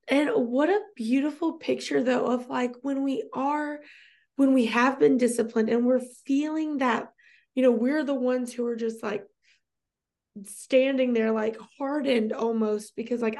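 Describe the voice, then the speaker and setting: A woman's voice: on the high side, fairly even intonation, unhurried, a little mellow. A woman in her thirties co-hosting a casual faith conversation, emotional and close to tears, talking in a chatty way with many fillers. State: tearful. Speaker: podcast co-host.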